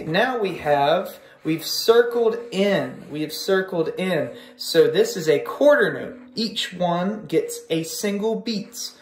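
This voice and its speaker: Slow, patient string teacher in echoey room. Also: mid-range voice, a little hiss or hum. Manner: counts beats aloud, encouraging and patient. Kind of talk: online music lesson. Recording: echoey room with violin playing.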